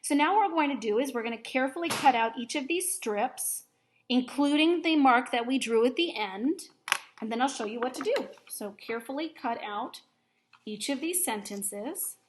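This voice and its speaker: A woman with a slightly high voice teaches a recorded grammar lesson for young students. She explains each step patiently and clearly. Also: expressive, moderate pace, background noise.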